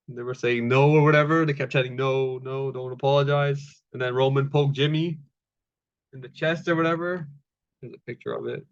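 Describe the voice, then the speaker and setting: A man at a middle pitch talks through a wrestling recap in a loose, casual way, dropping fillers and curse words as he goes. His voice comes through a slightly dull, lo-fi recording. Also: steady tone, normal speed. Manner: laid-back, swears freely, many fillers, acts out quotes. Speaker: wrestling show reviewer.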